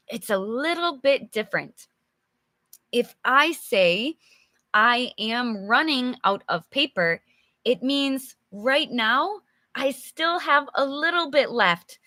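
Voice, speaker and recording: A woman running a live storybook English lesson, speaking slowly and clearly with a bright, clear tone. She is chatty and encouraging, calls out viewers by name, and acts out examples with sighs and groans. Her voice is a little worn, recorded close and dry. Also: a little high, expressive, no echo. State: slightly losing her voice. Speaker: English teacher.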